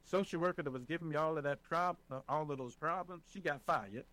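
A man being interviewed as a residents' advocate, talking in an animated, emphatic way and often checking in with the listener. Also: on the high side, brisk, low-quality recording. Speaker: senior residents' advocate, guest. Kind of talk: casual interview talk.

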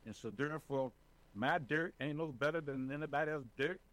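A man being interviewed as a residents' advocate, talking in an animated, emphatic way and often checking in with the listener. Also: a little high, a little fast, poor audio. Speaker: senior residents' advocate, guest. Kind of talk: casual interview talk.

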